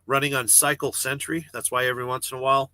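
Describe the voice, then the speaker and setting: A truck driver hosts a casual livestream from his parked cab while the refrigerated trailer runs, reading viewer comments aloud, rambling, joking, and swearing freely. His mid-range voice is flat, quick, pushed and bright, with no room sound.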